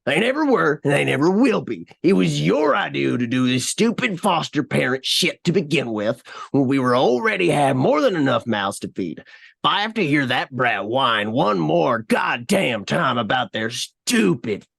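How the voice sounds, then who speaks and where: This is a contemptuous, cursing father figure from a tabletop game story, voiced by a woman. He sounds gravelly and low. His pitch swings widely as he spits out his complaints. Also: very animated, moderate pace, no room sound, studio quality, full character voice. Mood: angry. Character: angry bitter male foster father.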